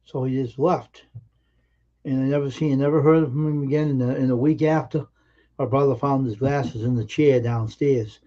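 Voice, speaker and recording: A man telling personal anecdotes on a live stream in an earnest, emphatic way, with halting restarts. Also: mid-range voice, steady tone, muffled recording. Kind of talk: casual storytelling on a live stream.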